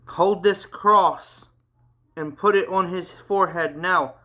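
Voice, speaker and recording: A man's voice: sits high, slow pace, bright, forceful tone, highs cut off, voice pushed up, full character voice. A man reading a story aloud and voicing a blunt, commanding seventeen-year-old boy. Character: teen boy, 17, blunt, steady helper.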